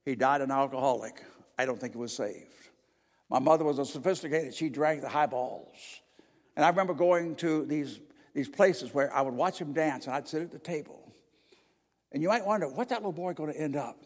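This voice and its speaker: An older man preaching a sermon with slides, emphatic and swinging between loud declarations and quiet asides. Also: on the high side, brisk. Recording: long reverb of a large hall.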